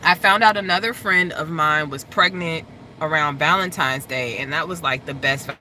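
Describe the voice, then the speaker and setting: A woman hosting a casual chat, telling stories in an animated way and laughing often. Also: sits low, normal speed, a little hiss or hum. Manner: animated storytelling, laughs often, squeals in excitement. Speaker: host.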